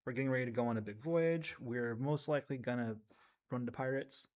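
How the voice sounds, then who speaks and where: A man's voice: mid-range voice, fast talker, a little mellow. A man painting miniatures at a game store on a livestream, explaining things to viewers in a casual way with plenty of ums and likes. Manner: explaining to chat with fillers.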